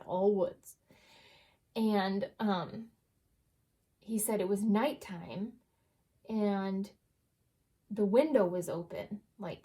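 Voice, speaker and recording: A woman's voice: mid-range voice, dark tone. A woman, telling a story in a chatty voice-over full of fillers and laughter. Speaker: journaling vlogger.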